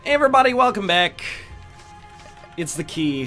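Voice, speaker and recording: Congested, animated gamer man. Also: a little high, normal speed, pauses often, faint music behind. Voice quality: nasal, congested. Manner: rambling, jokey, tangent-prone. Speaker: gaming YouTuber. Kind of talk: let's play commentary.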